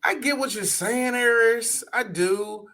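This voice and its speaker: A man co-hosting a podcast in casual chat, animated and profane, often laughing as he rants. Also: very high-pitched, takes it slowly, a loud crowd. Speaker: podcast co-host. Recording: audio podcast.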